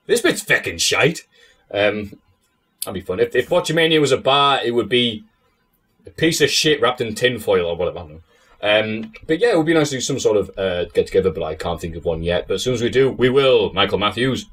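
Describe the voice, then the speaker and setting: A man's voice: fairly low pitch, animated, a little fast, breathy edge. A man who is a podcast guest, chatting casually in a sardonic way, swearing and laughing often. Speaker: interview guest.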